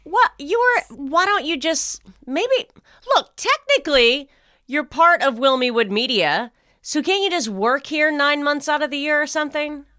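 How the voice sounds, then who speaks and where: Giggly American woman, bright high voice. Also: animated, moderate pace, dry recording, studio quality. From United States. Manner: giggly, playful teasing. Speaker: podcast co-host. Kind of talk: casual chat.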